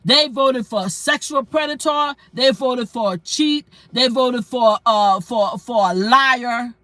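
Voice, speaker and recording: Live-streaming from inside her car, a woman launches into a heated rant, blunt and emphatic, hammering her points through repetition. Her voice is a little high and a bit bright, and she speaks slowly. The recording is dry.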